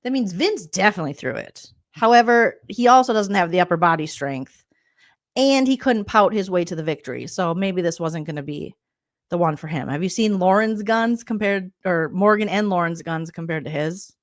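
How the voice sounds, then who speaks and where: A woman's voice: fairly low pitch, animated, moderate pace. A woman comedian hosting a reality-TV recap vlog, talking sarcastically and breaking into mocking impressions.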